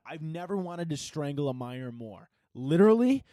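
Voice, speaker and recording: A man's voice: a little high, sing-song, moderate pace, dark tone, dry recording, clean studio sound. A young man hosting his own podcast, ranting casually with lots of swearing and laughing at his own jokes. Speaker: podcast host. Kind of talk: casual solo rant.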